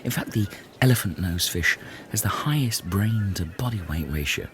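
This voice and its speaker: A man's voice: fairly low pitch, animated, moderate pace, background noise. A man performing in an improvised comedy scene, lecturing in a know-it-all tone.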